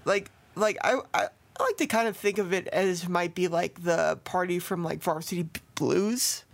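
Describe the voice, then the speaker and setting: A man's voice: high-pitched, normal speed, vocal fry. A man hosting a podcast, telling a true-crime story in a loose, rambling way with lots of fillers and swearing. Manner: rambling, profane, filler-heavy. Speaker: podcast host. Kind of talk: casual storytelling of a true case.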